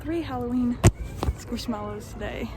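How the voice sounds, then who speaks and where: A woman in her early twenties filming a casual shopping vlog inside retail stores, talking excitedly and gushing over what she finds. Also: a little high, moderate pace, heavy background noise. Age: early 20s. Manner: excitable, gushing, exclaims often. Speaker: vlogger. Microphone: handheld phone camera.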